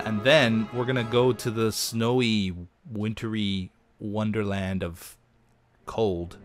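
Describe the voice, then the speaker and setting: A man casually commentating a video game as he plays, chatty and easygoing. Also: fairly low pitch. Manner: easygoing, chatty, quick reactions. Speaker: let's play gamer. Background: game music.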